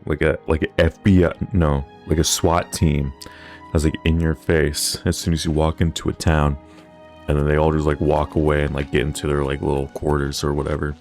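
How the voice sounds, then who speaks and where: A man's voice: extremely low pitch, flat delivery, moderate pace, a little mellow, faint music behind. A young man chatting casually over gameplay, rambling with lots of filler words. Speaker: gaming channel host.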